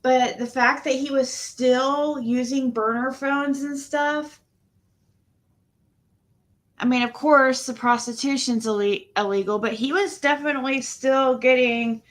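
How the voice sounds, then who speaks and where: A woman's voice: high voice, fairly even intonation, a little slow. A woman hosting a casual livestream, greeting viewers and talking in a rambling way, often trailing off and restarting her sentences. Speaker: livestream host.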